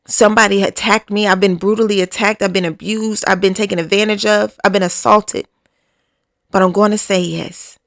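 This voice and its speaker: Woman host, spoken prayer, gravelly voice, dry close sound, fervent and repetitive, hushed at times. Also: medium pitch, steady tone, moderate pace, no echo. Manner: often drops to a hushed, near-whispered delivery. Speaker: podcast host.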